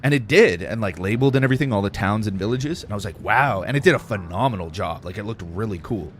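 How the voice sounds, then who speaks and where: Young male gaming streamer, lowish voice, laid-back rambling chatter, faint hiss behind. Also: animated, fast. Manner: rambling, laid-back, heavy use of "like" and "dude". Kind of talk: casual chat while playing.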